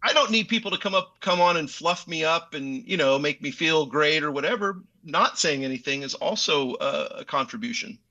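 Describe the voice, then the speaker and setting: A man's voice: a little high, expressive, moderate pace, few pauses, pushed and bright, muffled recording. A middle-aged man, a guest actor chatting casually in a radio interview, easygoing and joking with lots of fillers and restarts.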